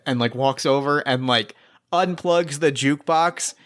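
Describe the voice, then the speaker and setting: A man's voice: fairly high pitch, fairly even intonation, a little fast, a bit bright, clean tone. A man narrating as game master in a tabletop game, rambling with many fillers and restarts. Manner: rambling, filler-heavy, laughs often.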